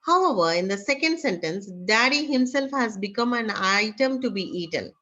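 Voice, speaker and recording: A woman teaching an online class with an Indian English accent, talking haltingly with many fillers. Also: a little high, lively intonation, a bit bright. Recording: dull lo-fi online class audio.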